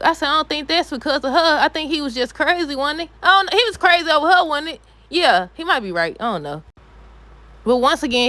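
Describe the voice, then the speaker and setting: A woman giving a casual, animated recap of a soap opera, talking back to the characters with exasperated asides. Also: on the high side, dry recording.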